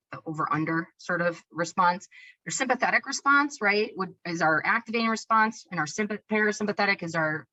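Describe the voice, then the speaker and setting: A woman clinician explaining a concept in an energetic webinar talk, often checking in with "right?" and restarting her sentences. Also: fairly low pitch, low-quality recording. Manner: energetic, self-described hyperactive, many tag questions and restarts.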